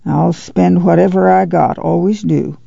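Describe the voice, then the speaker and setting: A man voicing a guilt-ridden, sorrowful farm uncle who talks haltingly in rural dialect. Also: sits high, steady tone, gravelly, mellow, husky, no echo, heavily acted. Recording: dull dry lo-fi studio read.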